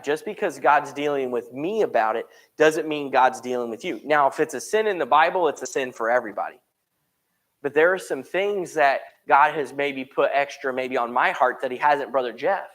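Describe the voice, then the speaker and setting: An American man with a medium-pitched, slightly bright voice leads a church Bible study in a conversational style. He frequently checks in with the room and briefly performs the voices of people he quotes.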